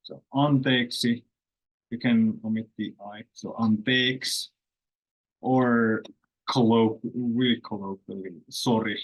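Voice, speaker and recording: A man whose first language is Finnish talks through everyday phrases in a relaxed lesson. His voice is husky and a little breathy. He speaks very slowly and unhurriedly, pausing often to think aloud. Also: mid-range voice, lo-fi sound. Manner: slow, explanatory, thinks aloud with many fillers. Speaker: language course host.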